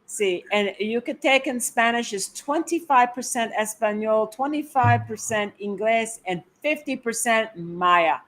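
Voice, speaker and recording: A woman's voice: a little high, lively intonation, measured pace, hardly any pauses. A woman from the United States hosting a casual live stream, enthusiastically reading out and reacting to viewer comments. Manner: enthusiastic, exclamatory. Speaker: co-host of a travel live stream.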